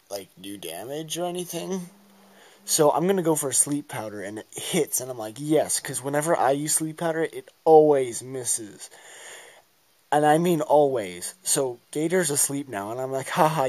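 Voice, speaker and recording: A man's voice: medium pitch, a little mellow, no room sound. A man casually narrating his turn-by-turn game battle in a goofy, rambling way, acting out his own reactions.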